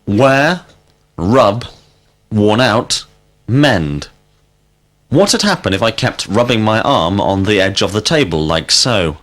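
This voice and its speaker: A man leads a scripted language drill in a slightly low voice. His pitch moves a lot as he calls out single words and asks questions slowly and deliberately. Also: sing-song, fairly bright tone. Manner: slow, deliberate questioning with clear word prompts. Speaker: teacher.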